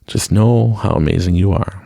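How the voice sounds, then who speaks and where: A man's voice: deep voice, moderate pace, vocal fry, warm tone, dry recording, clean studio sound. A man hosting his own podcast, giving an unscripted motivational talk and laughing often. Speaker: podcast host. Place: room at home with a mic.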